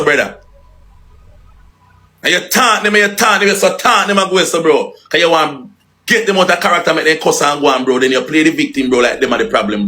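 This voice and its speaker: A man's voice: a little high, bright, forceful tone. A man with a Jamaican accent in a heated, profane, taunting live-stream rant that repeats its jabs.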